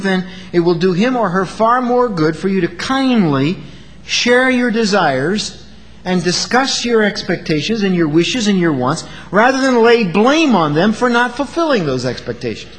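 A man's voice: sits high, big-room sound, poor audio. A man preaching an earnest sermon, acting out quoted lines as he goes.

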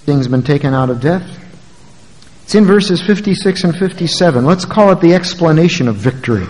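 A man preaching a sermon, moving between quiet, low asides and loud, emphatic passages. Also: lively intonation, normal speed, in a large hall, rough recording.

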